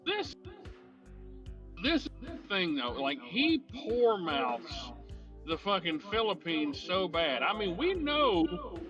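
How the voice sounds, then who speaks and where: A man with a high voice hosts a laid-back podcast and tells stories in a loose, profane, stop-and-start way. Music plays clearly behind him. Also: sing-song, slow, pauses often, highs cut off. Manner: rambling, profane storytelling with restarts. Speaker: podcast host. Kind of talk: casual podcast chat.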